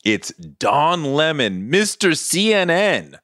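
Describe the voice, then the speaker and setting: A man hosting a podcast, introducing his guest and the episode in an earnest, measured way. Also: on the high side, big pitch swings, noisy background. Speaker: podcast host. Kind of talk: scripted introduction and interviewing.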